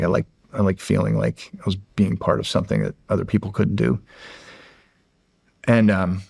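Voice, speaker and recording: A middle-aged man from the United States, a former Navy SEAL, telling a story in a casual, halting way with many restarts. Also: lowish voice, a little mellow, no echo, studio quality. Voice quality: gravelly, husky voice.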